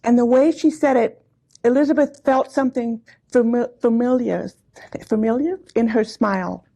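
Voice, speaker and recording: A woman's voice: fairly high pitch, fairly even intonation, moderate pace. A woman in her sixties telling personal family stories to a live audience in a chatty, laughing, aside-filled way. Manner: chatty, warm anecdotes with frequent laughs and asides. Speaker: speaker at a commemorative gathering. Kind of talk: personal storytelling talk. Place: hall before a live audience.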